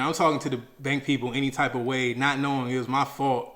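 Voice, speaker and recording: A young man telling a personal story in casual, slangy speech, acting out his own past outbursts with lively energy. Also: mid-range voice, quick pace, few pauses. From Maryland, USA.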